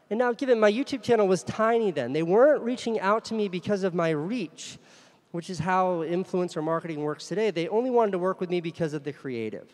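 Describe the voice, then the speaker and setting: A man speaking to a conference crowd in a frank, self-deprecating way, his voice sitting a touch higher than most men's. His words ring out with the long tail of a big hall. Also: expressive, fairly quick, darkish tone. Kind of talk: candid storytelling keynote.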